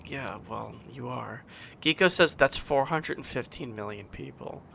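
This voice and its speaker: A man's voice: mid-range voice, unhurried, gravelly, sharp tone, a little hiss or hum. A man hosting a casual live stream, joking with a friend and reading chat messages and search results aloud. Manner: laid-back, joking, reads messages aloud.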